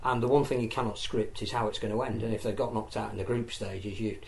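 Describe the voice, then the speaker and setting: A man's voice: fairly low pitch, steady tone, quick pace, gravelly, darkish tone. Rambling man talking sport. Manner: rambling, many restarts and repeated words. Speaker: podcast co-host. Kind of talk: casual sports discussion.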